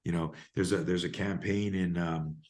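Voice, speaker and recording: A man's voice: low-pitched, normal speed. A man in his fifties from Canada, telling stories emphatically as a podcast guest and self-defense coach. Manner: emphatic, animated storyteller. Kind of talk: podcast interview storytelling.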